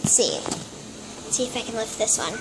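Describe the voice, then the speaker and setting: A woman's voice: on the high side, expressive, fairly quick. A playful young woman chatting to viewers in a casual vlog at a gym. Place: community gym. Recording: echoey gym, loud background noise.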